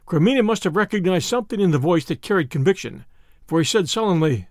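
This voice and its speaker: A man narrating a novel in measured storytelling. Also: high-pitched, lively intonation, no echo, studio quality. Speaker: audiobook narrator. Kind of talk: scripted narration.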